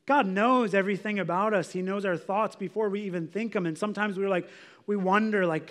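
A man's voice: sits high, a little fast, fairly bright tone. A man preaching a sermon as a pastor, in a conversational way, often saying "like" as he explains. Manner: conversational, filler "like".

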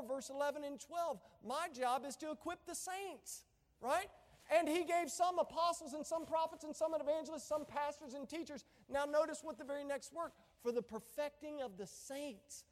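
A male pastor with a drawl, preaching an impassioned sermon that swings between loud emphasis and hushed asides. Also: extremely high pitch, long reverb tail.

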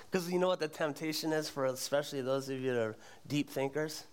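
A man's voice: on the high side, moderate pace, clear, resonant tone. A male pastor preaching a sermon, earnest, quizzing the congregation and repeating words as he goes.

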